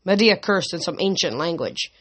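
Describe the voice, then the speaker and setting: A narrator reads a fantasy novel aloud in an amateur audiobook style. The reading moves along at an even pitch, with occasional slips that get corrected mid-sentence. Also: moderate pace.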